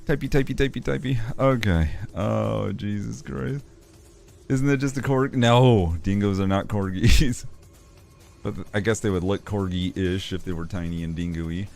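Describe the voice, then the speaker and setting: A man's voice: fairly low pitch, unhurried, vocal fry, a little mellow, soft background music. A man streaming live and chatting casually, laughing often while reading chat aloud and swearing now and then. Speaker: streamer and animator.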